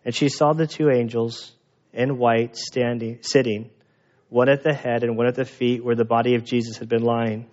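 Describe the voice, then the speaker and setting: A man preaching a sermon in a lively, animated way, acting out the voices of people in the story. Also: mid-range voice, moderate pace, dull audio. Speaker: pastor.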